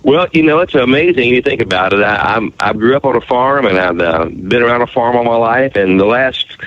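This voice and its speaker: A man's voice: medium pitch, lively intonation, a little fast, dry recording, lo-fi sound. A man from southwestern Ohio with an Appalachian country twang, a country singer answering interview questions in a laid-back, folksy way. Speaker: country singer-songwriter, guest. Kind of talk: radio interview.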